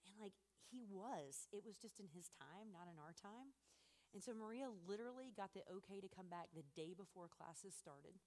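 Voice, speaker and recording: A middle-aged woman telling a family story to an audience, animated and laughing often, acting out what others said. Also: medium pitch, moderate pace.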